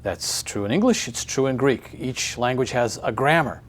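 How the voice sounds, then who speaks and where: A man's voice: medium pitch, animated, moderate pace. A man teaching a recorded grammar lesson, friendly and upbeat, explaining step by step.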